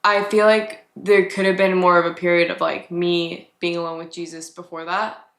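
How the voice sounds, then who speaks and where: Young woman, podcast host, personal testimony, lots of fillers, lowish voice, echoey room. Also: level tone, normal speed, fairly bright tone. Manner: chatty, many "like" fillers, reflective.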